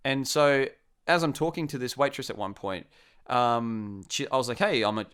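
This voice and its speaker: Young Australian man, smooth and clear tone, casual animated storyteller who acts out the quotes. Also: mid-range voice, normal speed. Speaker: storyteller guest. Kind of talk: casual anecdote.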